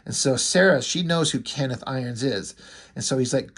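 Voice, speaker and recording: A man's voice: mid-range voice, animated, normal speed, fairly bright tone, slightly rough. A man casually recapping a comic book issue, chatty and loose, swearing now and then and acting out what the characters say.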